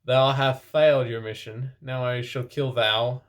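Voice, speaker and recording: A man doing a mock-archaic dark lord. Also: mid-range voice, fairly even intonation, unhurried, lightly acted. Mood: menacing. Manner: mock-archaic, theatrical threats. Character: menacing dark-lord villain, archaic speech.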